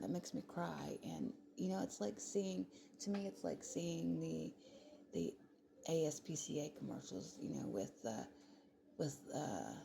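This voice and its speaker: Woman, low voice, heavy vocal fry, rambling heated vlog talk. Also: background noise. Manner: rambling, heated, frequent fillers and swearing. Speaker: vlogger. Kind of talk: casual commentary monologue.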